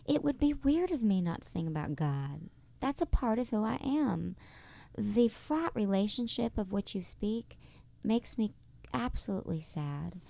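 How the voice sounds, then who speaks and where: A woman talks as a guest in a studio interview, effusive and bubbly and quick to call people darling. Her voice carries a gravelly fry at the ends of phrases. The sound is close and dry, with no room around it. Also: mid-range voice, mellow, dry recording. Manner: bubbly and effusive, with quick laughs and affectionate terms. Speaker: interview guest, stage performer. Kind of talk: casual interview chat. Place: radio studio.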